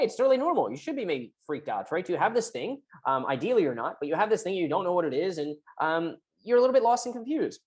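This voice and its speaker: Speaking straight to camera, a female physical therapist explains recovery in a low voice with a darkish tone. Her health talk is conversational, peppered with "right?" as she checks in.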